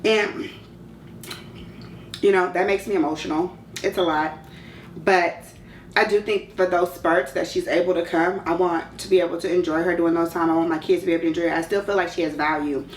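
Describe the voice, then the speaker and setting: A woman's voice: lowish voice, steady tone, brisk, far from the mic, a little hiss or hum. Chatty woman in her thirties, roomy sound. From California. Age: 30s. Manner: candid, chatty, slangy. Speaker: vlogger. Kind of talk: casual Q&A chat.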